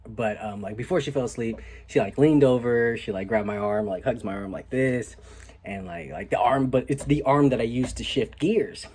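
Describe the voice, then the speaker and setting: A young man vlogging, telling a story casually and with animation, often dropping to hushed asides. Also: medium pitch, moderate pace, slightly rough.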